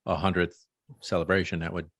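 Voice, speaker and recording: Guy hosting a podcast, really low voice, cracking crude jokes. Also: flat delivery, quick pace, fairly bright tone, breathy edge, no echo, clean studio sound. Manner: joking, playfully crude. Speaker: podcast host. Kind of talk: casual banter.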